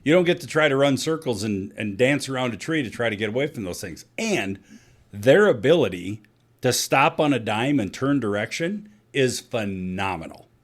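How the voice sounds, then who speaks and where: Male co-host, mid-pitched, blunt and profane storyteller, casual banter. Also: normal speed. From South Dakota. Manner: blunt storytelling, swears freely, animated. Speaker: podcast co-host. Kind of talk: casual sports podcast banter.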